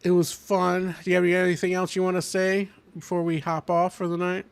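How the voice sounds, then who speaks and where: A man's voice: sits high, completely flat delivery, fairly quick, gravelly, clear, resonant tone, no echo. A young man hosting a casual podcast chat, rambling with lots of fillers and restarts. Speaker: podcast host.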